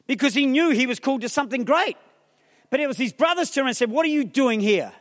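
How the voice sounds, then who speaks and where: High-voiced man preaching in a theatre. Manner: energetic preaching, rousing the crowd with calls and questions; humorous asides. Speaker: pastor. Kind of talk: sermon. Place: large theatre hall. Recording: long reverb of a large theatre.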